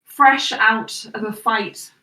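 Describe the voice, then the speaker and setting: A woman narrating a tabletop role-playing game as game master, in slow, measured second-person description. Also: fairly high pitch, bright, forceful tone, roomy sound, far from the mic, rough recording.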